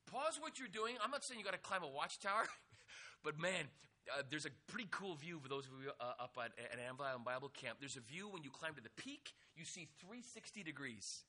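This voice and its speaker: A man preaching an energetic youth sermon, acting out quotes and joking with the listeners. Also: fairly high pitch, a little fast. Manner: animated, acts out quotes, jokes with the audience. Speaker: youth pastor.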